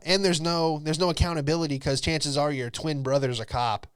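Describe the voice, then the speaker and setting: A young man spins a loose, jokey comedy monologue on a podcast, jumping between stories and quick impressions of the people in them. His voice is smooth and resonant, recorded close and dry with no room sound. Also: medium pitch, a bit bright, no room sound.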